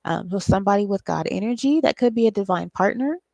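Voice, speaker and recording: A woman's voice: medium pitch, animated, quick pace, vocal fry, darkish tone, no echo. A woman giving a casual solo tarot reading, thinking aloud in a loose, profane way with frequent ums. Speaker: tarot reader and psychic channeler.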